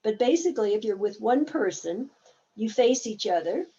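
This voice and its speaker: A woman's voice: fairly high pitch, lively intonation, moderate pace, mellow, lo-fi sound. A woman therapist explaining a game in a conversational teaching talk, acting out bits of dialogue as examples.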